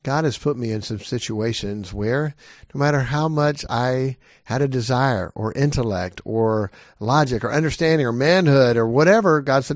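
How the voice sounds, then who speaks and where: A man's voice: mid-range voice, moderate pace, no room sound, clean studio sound. A middle-aged man preaching a sermon as a pastor, earnest and emphatic, pressing his listeners with repeated questions.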